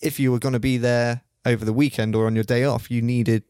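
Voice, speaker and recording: A man's voice: medium pitch, flat delivery, a little fast, a little mellow, clean tone, no room sound. Man making dry, wry remarks. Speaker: podcast regular. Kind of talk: casual podcast chat.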